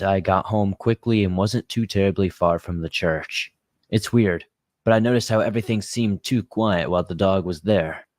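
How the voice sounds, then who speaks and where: A man with a lowish voice narrates a spooky first-person story at a steady, measured pace. His voice is recorded dry and close, with no room sound around it. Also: no echo. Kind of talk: scripted narration of a creepy story.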